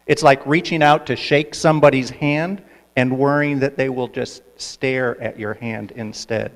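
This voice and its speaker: Gravelly man preaching in a hall. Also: medium pitch. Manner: measured, reflective preaching. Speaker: minister. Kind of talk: sermon. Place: sanctuary. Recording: long hall reverb with mains hum.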